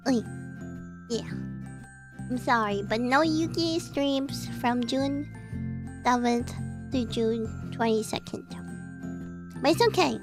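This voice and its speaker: With game music playing behind her, a woman VTuber chats with viewers while reading a visual novel out loud. She speaks slowly in an animated, high-pitched voice, pausing often, giggling, and letting out bubbly, cute little exclamations.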